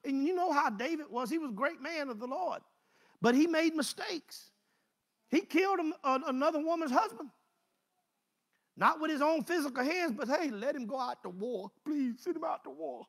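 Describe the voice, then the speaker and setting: A male preacher delivering an animated sermon, swinging between loud exclamations and low asides. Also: moderate pace, gravelly.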